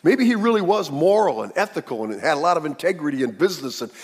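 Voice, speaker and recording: A man's voice: a little high, sing-song, quick pace, slightly rough. A man preaching a sermon to a congregation, acting out the people in the story as he tells it. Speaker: pastor. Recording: long hall reverb.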